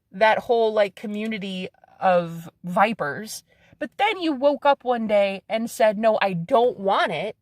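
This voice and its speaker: This psychic medium, a woman in her thirties, speaks at medium pitch in a casual to-camera vlog. She's blunt and defiant, swears freely, repeats phrases for emphasis, and laughs between lines, all in clean studio sound with no room sound.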